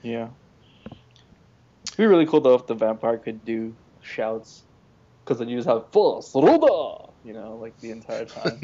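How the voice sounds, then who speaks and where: Slow, mellow man with dry jokes. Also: mid-range voice, fairly even intonation. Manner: dry joking asides. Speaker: podcast co-host. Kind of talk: casual chat about games. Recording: dull lo-fi podcast audio.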